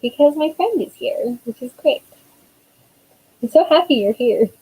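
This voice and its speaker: A woman's voice: high-pitched, expressive, unhurried, warm tone, husky, rough recording. A woman in her thirties, an author chatting casually on a live stream, rambling with lots of fillers.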